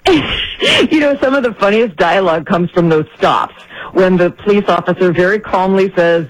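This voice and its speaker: A woman attorney, a guest on a talk radio show, explaining legal points in a measured way, often saying "you know". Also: lowish voice, lively intonation, no echo, poor audio.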